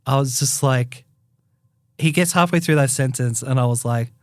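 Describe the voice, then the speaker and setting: An Australian man, a podcast co-host, telling a story in casual chat with lots of swearing and animated outbursts. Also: medium pitch, normal speed, no echo. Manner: animated, profane, heated retelling. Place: podcast studio.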